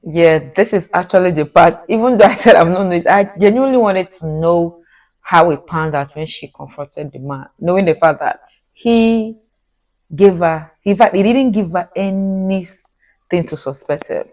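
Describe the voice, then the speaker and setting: Woman from nigeria reacting to a clip, deep-ish voice, chatty and repetitive. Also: a little slow, low-quality recording. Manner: chatty, repeats herself when excited. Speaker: reaction video host. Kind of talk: casual commentary to viewers.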